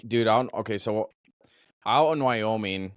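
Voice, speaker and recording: A man from Minnesota, a podcast host, telling a story in casual chat with animated swearing. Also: fairly low pitch, a little slow, no echo, clean studio sound.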